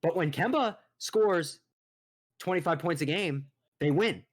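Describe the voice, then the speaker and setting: A man's voice: fairly high pitch, unhurried. Profane, fired-up young man ranting. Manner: profane, exasperated, animated ranting. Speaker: podcast co-host. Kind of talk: casual sports podcast rant.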